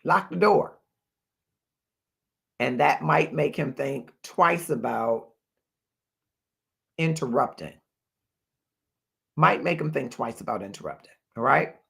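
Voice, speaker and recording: A man's voice: a little high, creaky, a bit bright. A man hosting a live advice stream, emphatic, repeating his key points and thanking viewers by name. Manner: reads viewer comments and thanks them aloud. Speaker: livestream host.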